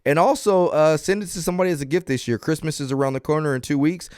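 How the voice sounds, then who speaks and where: Male podcast host, smooth clear tone, dry close sound, easygoing and upbeat. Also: on the high side, fast, a little mellow, dry recording. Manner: upbeat, laughs easily, earnest when closing. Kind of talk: casual podcast chat.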